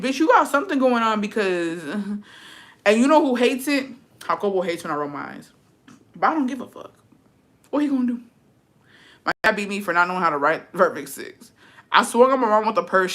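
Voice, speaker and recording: A woman's voice: medium pitch, sharp tone. A young woman streaming, chatting casually and reading comments aloud, profane and sassy, laughing often. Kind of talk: casual live-stream chat.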